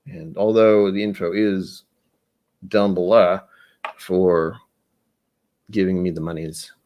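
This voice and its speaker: A man's voice: low voice, fairly even intonation, takes it slowly, darkish tone. A man from the United States hosting a casual whiskey livestream, chatty, rambling and self-deprecating as he reads chat aloud. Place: indoors at home.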